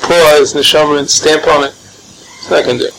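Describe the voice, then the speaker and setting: A man teaching an informal Torah class, animated and joking, sprinkling in Hebrew and Yiddish terms. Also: on the high side, brisk. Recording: noisy room recording.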